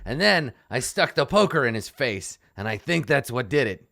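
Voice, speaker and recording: A cheery bugbear torturer, voiced by a game master, rattles on about his work in a lively, raised voice and sounds matter-of-fact about gore. The recording is close and dry. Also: mid-range voice, normal speed, gravelly, no echo.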